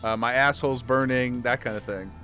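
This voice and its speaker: A man streaming casually, chatting loosely and getting excited, swearing freely and repeating himself. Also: mid-range voice, a little fast, soft background music. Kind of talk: casual livestream chat.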